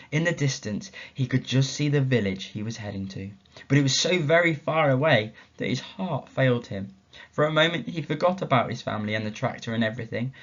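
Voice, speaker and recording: Expressive storytelling male teacher, muffled. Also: medium pitch. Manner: expressive, asks the children questions. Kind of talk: storytelling at a school assembly. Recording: dull, muffled lo-fi recording.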